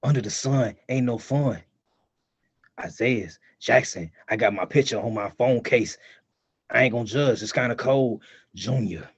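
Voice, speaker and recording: A man's voice: medium pitch, a little slow, husky. A man co-hosting a podcast, bragging and trash-talking playfully in casual banter. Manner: boastful, playful trash talk. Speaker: podcast co-host. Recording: dull lo-fi sound.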